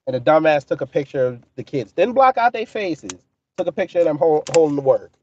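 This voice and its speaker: A man runs a casual livestream, cursing freely and mocking the people in his chat. His voice sits a bit high yet sounds dark and mellow. The audio is dull and dry, like a home streaming mic. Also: very animated, fairly quick, a little hiss or hum. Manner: profane, mocking, reads and answers chat. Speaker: livestream commentary host.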